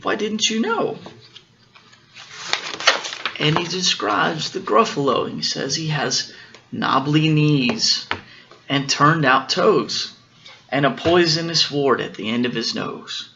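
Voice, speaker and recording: A father reads a picture book aloud to his little girls, slow and unhurried, in a gravelly voice with a bright edge. He stops to explain the story and corrects himself as he goes. The home recording is dull and lo-fi, with faint noise behind. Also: on the high side. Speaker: father reading to his daughters.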